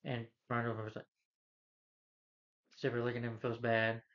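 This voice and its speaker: A man's voice: medium pitch, monotone, normal speed, fairly bright tone. A young man casually recapping a movie, rambling with lots of "you know" fillers. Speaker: movie reviewer. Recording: slightly dull lo-fi recording.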